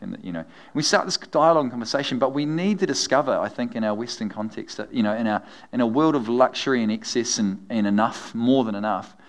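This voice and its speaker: A middle-aged pastor preaches a sermon, telling animated, humorous stories and laughing often. His voice is gravelly and medium in pitch.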